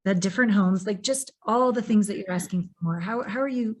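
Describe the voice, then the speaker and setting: A woman's voice: mid-range voice, fairly quick. A woman hosting a podcast interview, talking in an effusive, searching way as she shares and asks questions. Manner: effusive and searching, full of "like" and restarts. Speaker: podcast host. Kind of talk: casual interview conversation.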